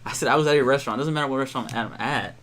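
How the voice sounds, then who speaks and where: Tired, fast-talking, mumbling man. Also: mid-range voice. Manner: quiet, mumbling, defensive. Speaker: podcast co-host. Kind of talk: casual chat among friends.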